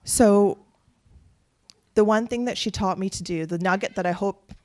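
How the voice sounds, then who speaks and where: A woman's voice: mid-range voice, normal speed. A woman, giving an earnest speech built on personal stories. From Canada. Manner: earnest, animated storytelling with quoted voices. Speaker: keynote speaker.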